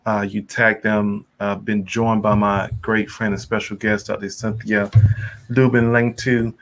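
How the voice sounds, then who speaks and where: A man's voice: lowish voice, level tone, measured pace, fairly bright tone, a little hiss or hum. A man hosting a live-stream interview over a video call, encouraging and often giving short affirmations. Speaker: host.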